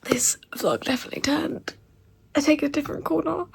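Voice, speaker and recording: A woman vlogging about a book she is reading, tearful and crying, often dropping into breathy half-whispers and trailing off. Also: sits high, steady tone, a little fast. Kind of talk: emotional reading vlog chat.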